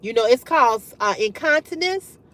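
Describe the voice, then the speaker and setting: A middle-aged woman hosting a livestream, telling a story to her chat in a candid, profane, animated way and laughing often. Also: a little high, normal speed. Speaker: livestream host. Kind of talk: casual storytelling to live chat.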